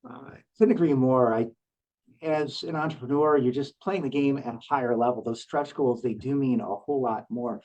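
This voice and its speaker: A man hosts a podcast interview at a middle pitch, set back from the microphone. He asks questions in a relaxed way and affirms his guest, with small fillers. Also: normal speed, distant mic, highs cut off. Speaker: podcast host.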